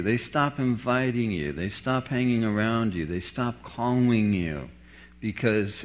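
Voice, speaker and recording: A middle-aged man preaching a sermon, telling a story with humor and laughing at his own jokes. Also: medium pitch.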